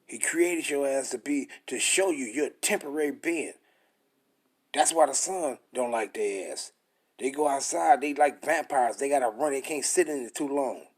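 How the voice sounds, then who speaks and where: Husky blunt-talking male preacher. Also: medium pitch. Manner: emphatic, blunt and profane, slows way down to read verses. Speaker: scripture teacher. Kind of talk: preaching and reading scripture aloud.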